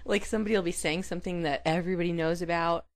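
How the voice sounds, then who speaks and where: A woman's voice: on the low side, fairly even intonation, very fast. A woman co-hosting a podcast in casual chat, playful and laughing often. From New Mexico. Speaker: podcast co-host.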